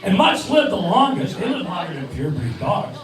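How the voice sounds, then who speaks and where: Music plays under a very animated, high-sitting male voice at a moderate pace: a Cleveland, Ohio, man in his sixties doing stand-up and ventriloquism, with jokey, rambling punchlines. He's performing on a neighborhood bar stage, captured by a distant mic amid echo and crowd noise.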